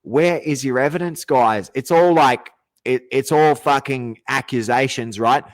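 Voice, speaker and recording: A man's voice: medium pitch, measured pace, dry recording. Ranting, swearing Australian man. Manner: profane, aggrieved, self-interrupting. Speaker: podcast host. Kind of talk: ranting monologue.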